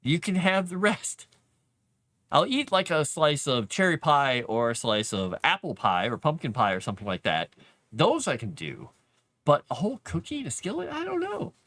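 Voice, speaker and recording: A man's voice: a little high, sing-song, normal speed, fairly bright tone, no room sound. A man hosting a casual live stream from his basement, chatting in a rambling way and laughing often. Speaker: livestream host. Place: home basement.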